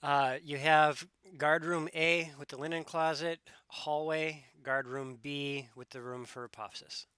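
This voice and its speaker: A man acting as game master, explaining the story in a relaxed way to his players at home. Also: on the high side, unhurried, few pauses, clean tone, no echo. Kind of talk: narrating a tabletop game. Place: home room.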